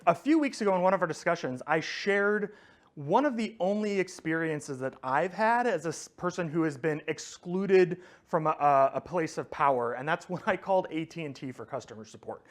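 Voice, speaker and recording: Slightly high-voiced man telling a story. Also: expressive, moderate pace. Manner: storytelling, with frequent fillers and restarts. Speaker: teacher of a faith community. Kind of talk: conversational teaching talk.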